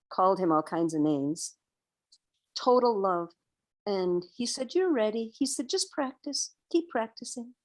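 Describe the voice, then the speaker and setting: A woman in her sixties, a guest on an interview podcast, telling a personal story in an animated way and acting out her own past outbursts. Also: mid-range voice. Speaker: interview guest, vegan educator.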